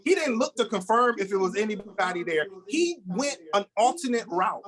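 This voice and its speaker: A man with a notably high voice tells rambling stand-up stories from home over a video call. He restarts his sentences often and chats straight to the viewers. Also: lively intonation, moderate pace, a bit bright, rough recording. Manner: rambling storytelling with frequent restarts. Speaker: stand-up comedian.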